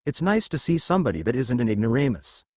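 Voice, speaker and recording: A man's voice: medium pitch, big pitch swings, fast, a little mellow, no echo, studio quality. A man reading as a sardonic British goth girl. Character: young adult British goth girl, bookish and teasing.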